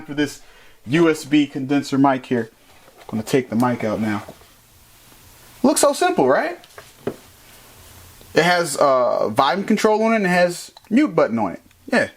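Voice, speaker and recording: A man with a fairly high-pitched voice talks through a gadget review in a casual, playful way. His delivery is animated and jokey, as if chatting with his viewers. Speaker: tech reviewer. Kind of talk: casual product review vlog.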